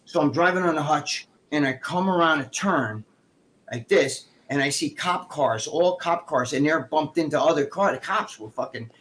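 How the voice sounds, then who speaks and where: A middle-aged man with a slightly high voice, telling a story on a live stream in a loose, profane way. He acts out the other people's lines himself, pushing his voice up and down to play each part. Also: moderate pace. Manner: profane, animated, acts out quoted dialogue. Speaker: guest co-host.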